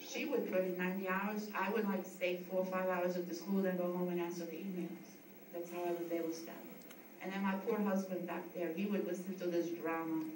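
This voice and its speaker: A woman's voice: fairly low pitch, little pitch movement, fairly quick. A middle-aged woman from the US East Coast, a yoga school founder giving a heartfelt, rambling tribute speech with frequent restarts. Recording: echoey room, distant mic, noisy.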